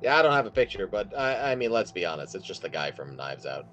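A man's voice: fairly low pitch, big pitch swings, fast, fairly bright tone, lo-fi sound, soft background music. A man playing a tabletop game, joking and laid-back in casual chat. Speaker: player.

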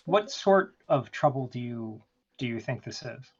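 A man's voice: medium pitch, animated, unhurried, breathy edge. A man playing a shady road pharmacist, formal, matter-of-fact, dull lo-fi mic. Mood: calm.

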